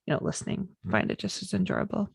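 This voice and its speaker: A woman co-hosting a casual podcast chat, bubbly and rambling, acting out quotes in a high voice. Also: very animated, fast, vocal fry, slightly rough, dry recording, studio quality. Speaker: podcast co-host.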